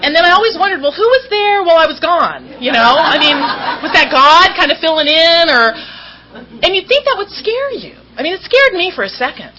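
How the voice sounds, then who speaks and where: A woman's voice: extremely high pitch, very animated, brisk, pushed and bright, some chatter behind. A woman speaking at a recovery meeting, telling her story to the audience in a candid, self-mocking way and often laughing as she talks. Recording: slightly dull recording with faint background hum.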